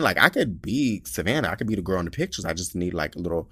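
A young man hosting a podcast, telling a story in a slangy, animated way, swearing often and acting out quotes. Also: low-pitched, fast talker, husky. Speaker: podcast host. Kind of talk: casual storytelling monologue.

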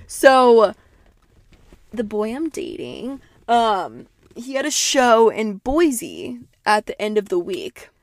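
Animated, foul-mouthed young woman podcaster. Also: on the high side, slow pace, no echo. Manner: animated, swears freely, heavy use of "like"; self-described dramatic. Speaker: podcast host. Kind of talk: casual storytelling monologue.

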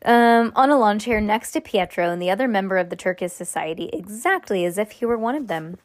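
A woman's voice: mid-range voice, lively intonation, a little fast, no echo. A woman reading a chapter book aloud to a child at home, stopping for asides, restarts and laughs. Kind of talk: casual read-aloud of a novel.

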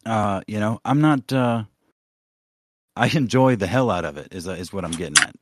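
A man's voice: on the low side, animated, moderate pace, dry recording, clean studio sound. A man co-hosting a podcast in casual chat, ranting with lots of swearing and rambling asides. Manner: profane, rambling rants. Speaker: podcast co-host.

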